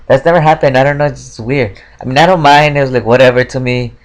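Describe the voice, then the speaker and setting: A man's voice: mid-range voice, fairly even intonation, quick pace. A young man telling a story in a casual vlog, rambling with many fillers and heavy swearing, frustrated. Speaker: vlogger.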